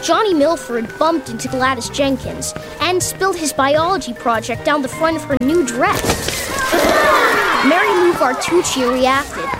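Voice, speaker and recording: A woman voices an overdramatic schoolboy in a radio drama, gloomily narrating his doom in a high voice. Loud music plays right under the voice. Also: lively intonation, a little slow. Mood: gloomy. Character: anxious schoolboy, dramatic and self-pitying.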